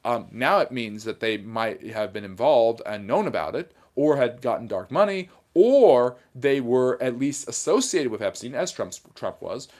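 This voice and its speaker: A man hosts a casual livestream, reading viewer comments aloud and answering them plainly with mild sarcasm and argumentativeness. His medium-pitched voice is animated and a little mellow, and he speaks a little slowly with few pauses.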